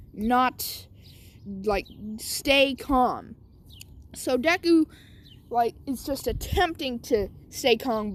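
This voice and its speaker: A woman casually telling an improvised story, rambling with lots of asides. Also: fairly high pitch. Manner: rambling, many fillers and asides.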